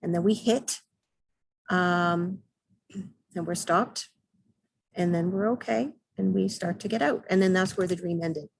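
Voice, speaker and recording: Middle-aged woman spiritual vlogger, husky low voice, calm halting delivery, dry close sound. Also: no echo, rough recording. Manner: calm, hesitant, many ums and throat clears. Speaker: intuitive soul guide and mentor. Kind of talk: casual spiritual vlog monologue.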